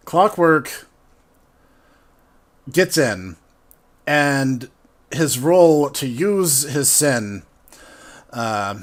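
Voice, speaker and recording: A man who ran a tabletop game casually retells how the session went, rambling, laughing and correcting himself. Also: mid-range voice. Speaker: game master retelling a campaign. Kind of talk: casual storytelling.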